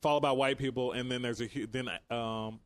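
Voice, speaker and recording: Man, podcast co-host, measured, cites numbers, mid-pitched. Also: steady tone, clean tone, no room sound. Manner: careful, cites figures, fact-checking. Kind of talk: casual chat.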